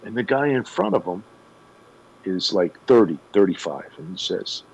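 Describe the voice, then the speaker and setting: A man, a guest on a radio show, retelling a story in an animated way with emphatic pauses. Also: lowish voice, vocal fry, husky, rough recording. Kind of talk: conversational storytelling.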